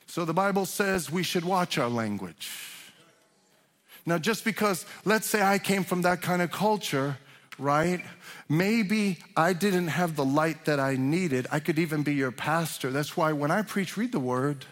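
A pastor delivers a sermon, his voice sitting a little high for a man. He talks loosely with restarts, then presses his points harder. The sound carries a long reverb from the hall around him. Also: lively intonation, a little slow, fairly bright tone. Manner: conversational preaching with restarts, rising to emphatic. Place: church sanctuary.

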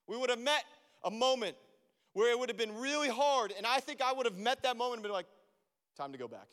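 A man preaching a sermon as a pastor, animated and acting out his own prayers to God. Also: very high voice, fast talker. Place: church. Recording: long reverb of a church hall.

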